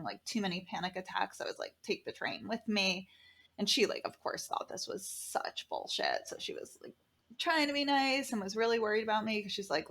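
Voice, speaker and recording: A woman guest on a podcast, telling a story in a casual, animated way, acting out the people she quotes and swearing freely. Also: mid-range voice.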